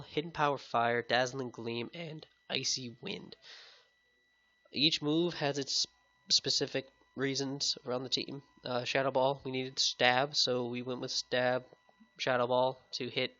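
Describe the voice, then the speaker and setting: A man's voice: mid-range voice, pushed and bright, muffled recording. A man with a sick-sounding voice giving casual, upbeat gameplay commentary to his viewers. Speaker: competitive game YouTuber. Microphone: headset.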